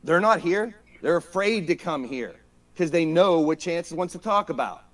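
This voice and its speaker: Fired-up, profane man with a high voice. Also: expressive, moderate pace. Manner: profane, emphatic, repeats himself. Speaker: podcast guest. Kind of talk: fired-up podcast rant.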